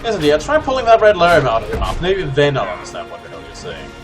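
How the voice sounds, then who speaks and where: A man's voice: fairly high pitch, sing-song, fast talker. A man doing casual, sarcastic commentary while playing a game, mocking the enemy. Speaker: let's play host. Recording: game music behind the voice.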